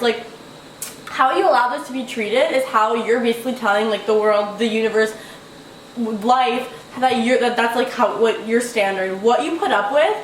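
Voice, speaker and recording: Brief: young woman vlogger, quick and rambling, high voice, mic at a distance with faint ambience. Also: slight background noise. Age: young adult. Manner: rambling, full of "like", swears freely. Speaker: vlogger giving relationship advice. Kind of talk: casual advice vlog. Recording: echoey room, away from the mic, faint ambience.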